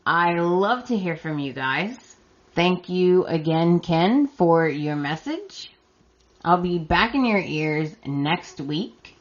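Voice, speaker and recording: A hoarse woman hosts a solo podcast, speaking slowly with a slightly low voice. She sounds emphatic and a little exasperated, talking straight to her listeners. The audio is dull and lo-fi. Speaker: podcast host. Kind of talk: solo recap commentary.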